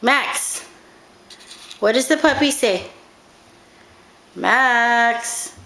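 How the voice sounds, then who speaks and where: A woman talking to her toddler in slow, sing-song baby talk, coaxing and gently scolding, filmed on a camcorder at home in the kitchen. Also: a little high, echoey room, slight background noise.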